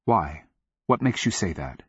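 A man voicing a weary old male wizard who speaks in quiet, measured tones, on a dull lo-fi recording. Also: deep voice, very animated, breathy edge, dry recording, heavily acted. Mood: guarded.

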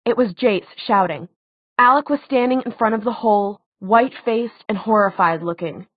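A woman narrating a fantasy audiobook in a measured, dramatic way. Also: medium pitch, dry recording. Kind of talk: scripted narration. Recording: tinny phone-like dry sound.

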